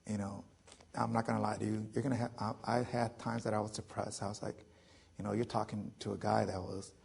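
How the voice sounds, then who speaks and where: A man in his forties with a deeply gravelly, rough-edged voice tells his own story to a crowd. He sits a little low in pitch and speaks loosely, cracking jokes and leaning on fillers between thoughts. The delivery feels like candid storytelling rather than a prepared speech. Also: flat delivery, fairly quick, a little mellow. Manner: joking, loose, heavy with fillers. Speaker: veteran speaker. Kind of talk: storytelling talk to an audience.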